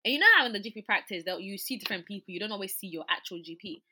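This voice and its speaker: Young woman, twenties, bright and forceful tone, chatty storyteller who fills with "like" and "you know". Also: medium pitch, lively intonation, rapid-fire, slight background noise. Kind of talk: casual storytelling chat.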